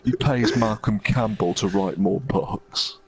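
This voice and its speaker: A man putting on a slower, gravelly deadpan voice for jokey asides. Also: on the low side, noisy background, voice pushed down.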